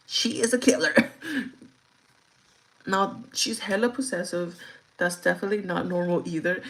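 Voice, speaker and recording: A woman's voice: medium pitch, vocal fry, rough recording. Blunt, profane woman livestreamer. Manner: blunt, profane, animated storytelling. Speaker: live streamer. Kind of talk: casual livestream chat.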